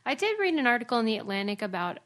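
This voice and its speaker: A woman co-hosting a podcast in a casual chat, animated, quick to laugh and easily annoyed. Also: fairly high pitch. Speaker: podcast co-host.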